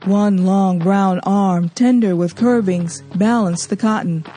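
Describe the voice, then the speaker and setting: A woman reading a novel aloud as an audiobook narrator, measured and expressive. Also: mid-range voice, faint music behind. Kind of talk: storybook reading.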